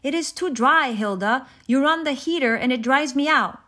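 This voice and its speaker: A woman's voice: sits high, normal speed, bright, forceful tone, voice pushed up. A woman voicing a fussy, irritable father who grumbles his complaints.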